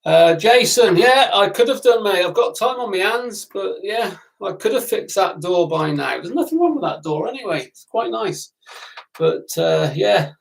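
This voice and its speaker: A middle-aged man with a southern English accent hosts a relaxed live Q&A, reading out viewer comments and answering them by name. His voice sits a little high for a man and carries a gravelly edge. He talks loosely, with plenty of ums along the way. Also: normal speed, poor audio. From southern England. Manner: chatty, addresses viewers by name, lots of ums. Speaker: motorcycle instructor hosting a live Q&A.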